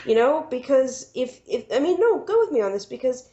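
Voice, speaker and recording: A woman's voice: high-pitched, big pitch swings, brisk, warm tone. A woman co-hosting a podcast in casual chat, rambling and acting out film scenes with lots of "you know". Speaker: podcast co-host. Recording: dull lo-fi podcast sound.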